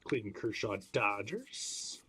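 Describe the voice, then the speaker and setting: A man's voice: on the low side, big pitch swings, slow pace, bright, forceful tone, slight background noise. A man hosting a live card break stream, chatting with viewers by name as he calls out each card pulled. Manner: chatty, greets viewers by name while calling out cards.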